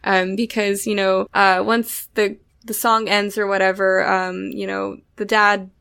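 Creaky-voiced woman chatting about a film. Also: medium pitch, little pitch movement, unhurried, pushed and bright. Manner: hedging, lots of "like" and "um". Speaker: podcast co-host. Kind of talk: casual film discussion.

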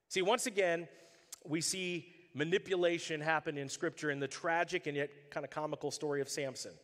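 A man's voice: on the high side, brisk, in a large hall. A male pastor preaching a sermon, telling stories with animation and acting out the characters' voices. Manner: animated storytelling, acts out voices.

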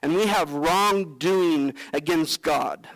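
A male pastor delivers a sermon with earnest conviction. He slips into the voices of the people he quotes, praying aloud and acting out their words. His voice sits fairly high for a man. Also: slow pace, fairly bright tone, low-quality recording. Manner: earnest preaching, acting out quoted prayers and Bible figures.

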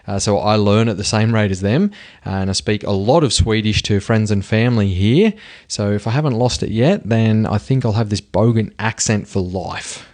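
A man's voice: fairly low pitch, moderate pace, darkish tone. A man with an Australian accent hosting his podcast, talking casually with slang and frequent laughs. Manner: laid-back, laughs often, uses slang. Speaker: podcast host. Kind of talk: casual podcast intro monologue.

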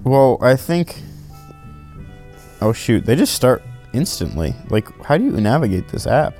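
Lively teasing young man. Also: mid-range voice, a little slow, soft background music. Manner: teasing, jokey, laughs often. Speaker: podcast co-host. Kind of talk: casual podcast banter.

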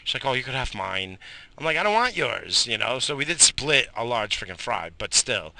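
A man's voice: medium pitch, moderate pace, gravelly, no echo. A man in his thirties hosting a morning show, ranting casually with heavy swearing, coughs and sighs, recorded outdoors while smoking. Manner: profane, animated ranting with frequent coughs and sighs. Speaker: host of a morning radio show. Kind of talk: casual rambling monologue.

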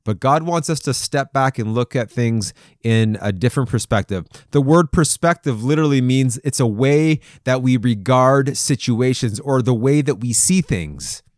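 A man's voice: mid-range voice, moderate pace, few pauses, dry recording, clean studio sound. A man hosting a devotional podcast, telling stories in a chatty way and laughing often. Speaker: podcast host.

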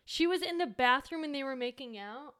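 A young woman in casual chat, reacting to a film with sarcastic, quick quips. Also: high-pitched, animated, fairly bright tone.

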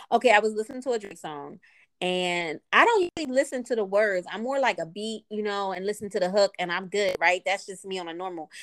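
A woman in her thirties co-hosting a podcast, telling stories in lively casual chat and laughing often. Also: medium pitch, no room sound, clean studio sound. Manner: animated storytelling, laughs often, slangy. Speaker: podcast co-host.

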